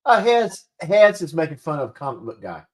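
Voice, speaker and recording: A man's voice: fairly high pitch, sing-song, normal speed. A man co-hosting a casual live stream, easygoing and laughing often.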